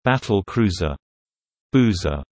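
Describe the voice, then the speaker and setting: A man reading slang terms and their meanings in a measured, deliberate teaching delivery. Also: lowish voice, lively intonation, a little mellow, dry recording. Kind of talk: slow explanatory reading of word pairs.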